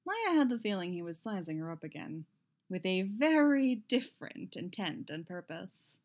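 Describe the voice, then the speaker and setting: A woman narrating a story in an unhurried, even reading voice. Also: lowish voice. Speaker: audiobook reader. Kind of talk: fan fiction narration.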